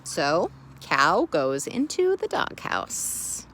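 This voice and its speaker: A woman teacher reading a picture book aloud to children in a playful, expressive way, then explaining a reading task. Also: on the low side, drawn-out words, slight background noise.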